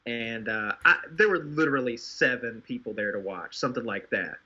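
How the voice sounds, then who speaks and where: A man's voice: mid-range voice, moderate pace, muffled recording, crowd noise. A man co-hosting a podcast in casual chat, telling things hesitantly with many fillers. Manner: hesitant, filler-heavy storytelling. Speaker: podcast co-host.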